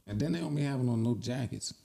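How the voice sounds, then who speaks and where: A man from Baltimore in a casual chat, a loud, profane, joking storyteller. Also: mid-range voice, quick pace, vocal fry.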